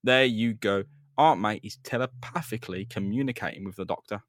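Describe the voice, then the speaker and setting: A man's voice: on the low side, fairly quick, no room sound, clean studio sound. A young man co-hosting a podcast, recapping a comic book with casual, sweary banter. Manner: recaps the comic with sweary banter, swinging between mumbles and loud bursts. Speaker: podcast co-host. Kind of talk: casual comic book read-through chat.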